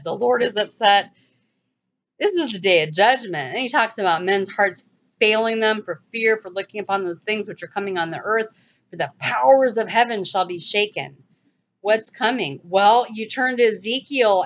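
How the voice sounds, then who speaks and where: A woman giving a casual, animated bible teaching, rambling with restarts and sudden exclamations. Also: mid-range voice, dull audio.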